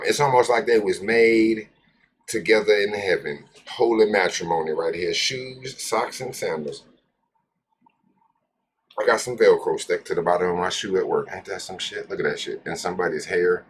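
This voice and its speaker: A man's voice: on the low side, normal speed, fairly bright tone, a little hiss or hum. A man hosting a casual live stream, rambling, joking with his viewers and cursing freely. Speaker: cannabis live-stream host.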